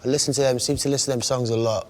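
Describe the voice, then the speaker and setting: A man, a guest songwriter talking in a casual interview, meandering and halting as he thinks aloud. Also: mid-range voice, steady tone, a little mellow.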